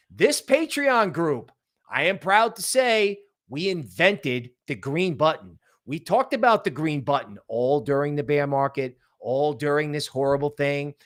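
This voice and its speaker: A man hosting a crypto livestream, talking in an animated, emphatic way, firing off rhetorical questions and tagging lines with "right?". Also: fairly high pitch. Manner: rapid-fire rhetorical questions. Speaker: crypto channel host. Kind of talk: livestream commentary.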